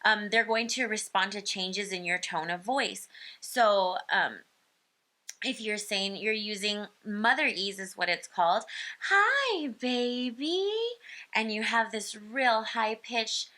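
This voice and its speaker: Slow, bright-voiced woman explaining. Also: medium pitch. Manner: explains slowly, many ums, imitates baby sounds. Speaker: speech-language educator. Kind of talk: informal parenting lesson.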